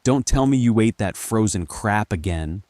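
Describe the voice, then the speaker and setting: A man's voice: on the low side, animated, moderate pace, a little mellow, no room sound, pitched above the performer's own voice, natural voice. A man voicing a confused wife who scolds and questions her husband. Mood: puzzled. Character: bewildered, nagging wife, annoyed then scared.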